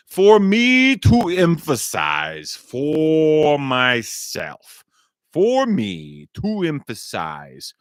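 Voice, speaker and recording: Slow, rambling man with a low voice. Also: a bit bright, dry recording, studio quality. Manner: meandering, repeats phrases, swears casually. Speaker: vlogger. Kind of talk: rambling solo monologue.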